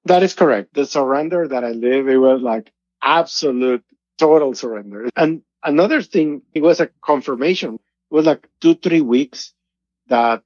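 A man's voice: mid-range voice, moderate pace, darkish tone, no room sound. A middle-aged man, earnestly telling his personal testimony as an interview guest. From Mexico. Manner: earnest, emotional storytelling. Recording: dull lo-fi audio.

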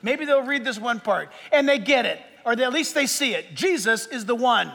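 A man preaching a sermon as pastor, lively and joking as he walks through numbered points. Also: very high voice, normal speed, creaky, in a large hall. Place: church sanctuary with a live audience.

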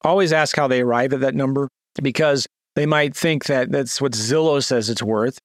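This man, speaking at a medium pitch and moderate pace, runs a casual screen-share lesson on a real estate sales script. He performs seller calls in an eager, lifted voice between plain explanations full of fillers and restarts. The recording is dry, with clean studio sound.

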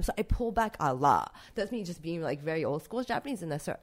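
A young woman chatting in an interview, her pitch swinging widely as she talks. She rambles with plenty of fillers and gets emotional about her work. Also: very animated, fast, few pauses. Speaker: interviewed street artist. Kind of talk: casual interview talk.

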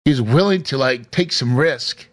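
A man's voice: medium pitch, moderate pace, no echo. A middle-aged man and real estate investor telling an emotional personal story into a mic, earnest and emphatic, with restarts. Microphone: studio mic.

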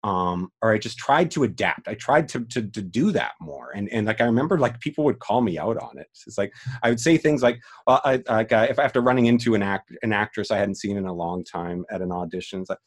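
Podcast host, male, lowish pitch, loose rambling delivery with frequent restarts. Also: brisk, hardly any pauses. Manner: rambling, many restarts and fillers, swearing, emotional. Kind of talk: casual film discussion.

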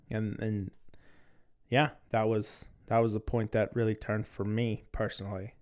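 A man's voice: lowish voice, level tone, a little slow, darkish tone. A man hosting a podcast and telling a personal story in a candid, casual way. He swears freely and repeats words as he restarts. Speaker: podcast host. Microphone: recording on two cameras.

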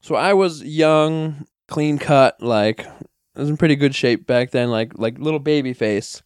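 A man's voice: mid-range voice, unhurried, smooth, no room sound, clean studio sound. A man telling a story in casual podcast chat, rambling with many fillers and frequent laughs. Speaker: podcast guest, wrestler.

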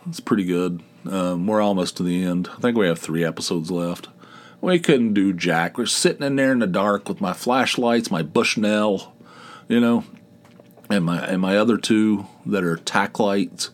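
A middle-aged man hosting a podcast, telling a rambling, animated story in casual talk, swearing and acting out a neighbor's lines. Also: lowish voice, moderate pace. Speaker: podcast host.

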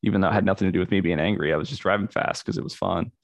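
A man's voice: sits low, fairly even intonation, racing, creaky, dry recording. A man guesting on a podcast, chatting casually in a laid-back, crude way. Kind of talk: casual chat.

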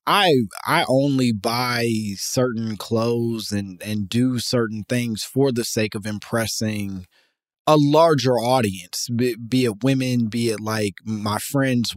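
A man's voice: medium pitch, dry recording, studio quality. A young man co-hosting a casual podcast, laid-back and profane, laughing often. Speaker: podcast co-host.

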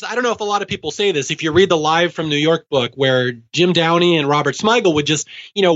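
A man in his forties co-hosts a podcast, chatting casually and eagerly and laughing often. His voice is fairly high and fairly bright, and the recording has a dull, lo-fi sound.

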